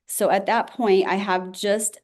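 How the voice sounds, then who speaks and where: A woman, a school safety director, briskly reporting to a board with many fillers. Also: mid-range voice, level tone. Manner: rapid, auctioneer-like delivery with many fillers.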